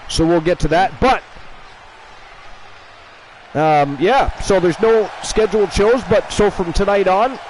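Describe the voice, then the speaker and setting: A man's voice: high voice, a little slow, pauses often, a little hiss or hum, poor audio. A man hosting an online wrestling show, chatting casually and teasing his co-hosts in a playful way. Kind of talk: casual livestream chat.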